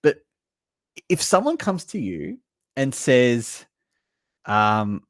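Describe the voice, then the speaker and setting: A man's voice: mid-range voice, drawn-out words, no room sound, clean studio sound. A man hosting a live stream, reacting bluntly and with lots of swearing to a list of horror movies. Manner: animated, blunt and sweary, reads chat comments aloud. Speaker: livestream host reviewing horror movies. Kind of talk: casual live reaction chat.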